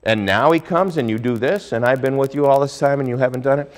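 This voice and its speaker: A male pastor preaching a sermon, telling a Bible story with lively swings between hushed and loud delivery. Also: medium pitch, fast.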